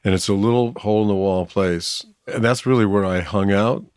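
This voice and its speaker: Older man, low voice, Southern accent. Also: normal speed, clean tone, no echo, studio quality. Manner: animated anecdotal storyteller who laughs often. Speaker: actor guest. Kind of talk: casual interview storytelling.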